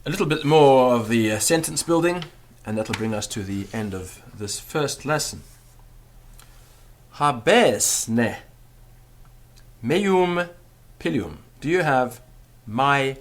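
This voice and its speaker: A male Latin teacher gives a spoken language lesson, speaking slowly and patiently. He drills students with repeated example phrases, his pitch rising and falling in a lively way.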